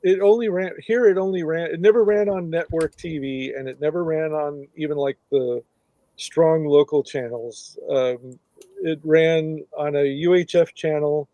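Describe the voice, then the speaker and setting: A man's voice: on the high side, fairly even intonation, moderate pace, dark tone, no echo. A man from the United States hosting a casual podcast chat over a video call, rambling and correcting himself as he talks.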